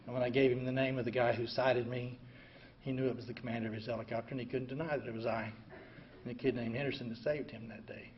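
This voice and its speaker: An older man telling his own recovery story in an emotional way, going from hushed to loud. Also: medium pitch, steady tone, fast. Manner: emotional, swings from quiet to loud and laughing. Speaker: veteran speaker sharing a recovery story. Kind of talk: personal storytelling talk. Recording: dull lo-fi recording, faint ambient noise.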